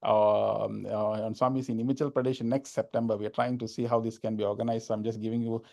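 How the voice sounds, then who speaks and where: A man's voice: lowish voice, flat delivery, quick pace, creaky, warm tone. A man giving an informal spiritual talk, repeating phrases for emphasis. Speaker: spiritual speaker.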